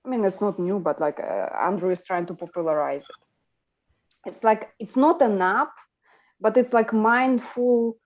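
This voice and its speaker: Slow-talking woman host. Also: medium pitch, muffled recording. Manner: animated, laughing, many fillers and restarts. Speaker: livestream host. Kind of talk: casual group chat on a livestream.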